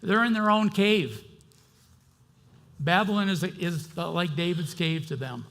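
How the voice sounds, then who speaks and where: A middle-aged male pastor preaching with a gravelly, slightly raised voice. He talks to the congregation in a conversational way. His delivery swings between fervent bursts and hushed asides. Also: sits high, slow. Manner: impassioned, conversational, swings between loud outbursts and quiet asides. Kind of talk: sermon.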